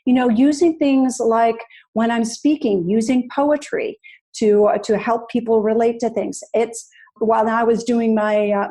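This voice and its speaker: A woman in her fifties chats as a guest on an interview podcast. Her voice is mellow and a little higher than most. She talks thoughtfully, circling back and restarting phrases as she explains her ideas. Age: 50s. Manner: thoughtful, restarts phrases, spells things out slowly. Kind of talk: casual interview chat.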